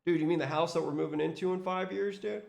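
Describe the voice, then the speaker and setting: A man's voice: a little high, fairly even intonation, fast, vocal fry, a little mellow. A man imitating a laid-back, noncommittal male friend with a drowsy, mumbling drawl.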